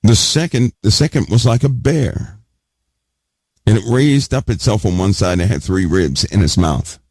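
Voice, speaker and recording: A man's voice: lowish voice, moderate pace, darkish tone, breathy edge, dry recording. A man preaching a sermon, stressing key words over and over and putting questions to his listeners. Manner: emphatic, repeats key words, asks the audience questions. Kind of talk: sermon teaching.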